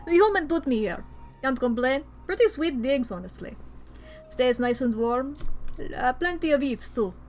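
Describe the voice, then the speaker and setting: A woman voicing a gruff, stubborn little male goat, speaking in curt clipped phrases with a put-on Russian accent. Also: a little high, moderate pace, a little hiss or hum, lightly acted.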